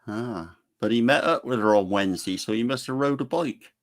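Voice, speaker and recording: A man's voice: mid-range voice, moderate pace, gravelly, dry recording. A man chatting casually on a stream in a laid-back, dry, teasing way. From not from Cornwall. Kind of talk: casual chat.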